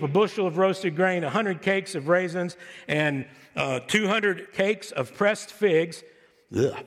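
A man preaching a sermon as pastor, conversational and animated, asking the congregation rhetorical questions. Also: fairly high pitch. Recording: reverberant hall.

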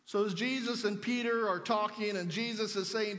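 Guy with a pretty high voice giving a sermon, chatty, asks questions, long echo like a big church. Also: steady tone, normal speed, hardly any pauses, a bit bright. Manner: conversational preaching with rhetorical questions. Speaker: pastor.

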